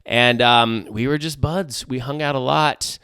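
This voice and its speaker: Bright chatty middle-aged podcast host. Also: male voice, medium pitch, steady tone, measured pace, clear, resonant tone, no room sound, clean studio sound. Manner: chatty, jokey, full of asides and restarts. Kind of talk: solo casual podcast chat.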